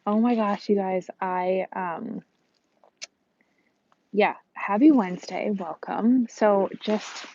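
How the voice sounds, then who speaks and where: A woman's voice: mid-range voice, slow pace, pauses often, a little mellow, dull audio. A woman with a Midwestern American accent hosting a casual live stream outdoors by a harbor, greeting viewers by name and laughing often.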